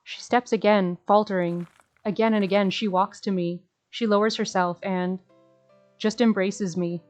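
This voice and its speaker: A woman's voice: medium pitch, steady tone, moderate pace, darkish tone, muffled recording, soft background music. A woman streamer reading a visual novel aloud in an earnest, emotional way, breaking off to gush at the screen.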